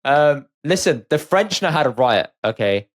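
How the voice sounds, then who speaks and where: A man's voice: a little high, very animated, measured pace. A man, co-hosting a podcast with wry, joking casual commentary. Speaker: podcast co-host. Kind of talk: casual chat.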